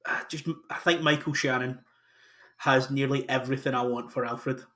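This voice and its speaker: A man's voice: mid-range voice, steady tone, normal speed, fairly bright tone. A man hosting a casual podcast chat, talking enthusiastically about casting with frequent restarts. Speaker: podcast host.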